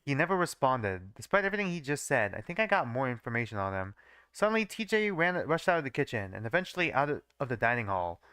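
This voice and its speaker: A man's voice: mid-range voice, big pitch swings, fast, bright, forceful tone, clear, resonant tone, no room sound, studio quality. Young man laughing at his own fanfiction. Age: young adult. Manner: swears casually and laughs at his own writing. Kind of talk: live reading with joking asides.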